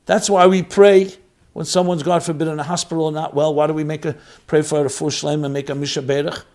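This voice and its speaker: A man's voice: on the high side, little pitch movement, fast, a little mellow. A man giving an earnest, emphatic Torah talk as a rabbi, full of rhetorical questions.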